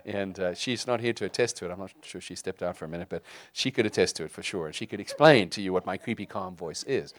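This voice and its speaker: A man's voice: sits low, fast, hardly any pauses. A middle-aged man, a pastor, preaching a sermon in a conversational way, with fillers and restarts.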